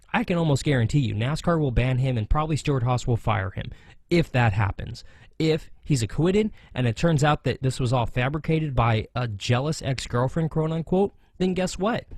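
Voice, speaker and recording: An American man at mid pitch delivers opinionated racing commentary as a show host. He gets animated and sarcastic, leaning into his points. The sound is dry and close, with no room echo. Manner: animated, sarcastic, mocks others in jokey voices.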